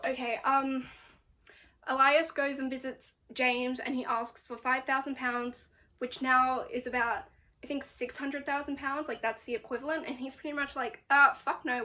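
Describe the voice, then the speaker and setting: Young woman book vlogger, high voice, animated and exasperated, swears freely. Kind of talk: casual book recap.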